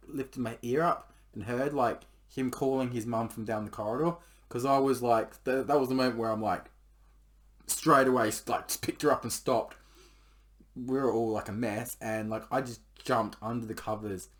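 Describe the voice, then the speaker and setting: A man spins a crude personal anecdote in loose, casual talk. He swears constantly and leans on "like" as he rambles along. His voice sits at an ordinary, middle pitch. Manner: rambling, swears a lot, heavy use of "like". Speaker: podcast storyteller.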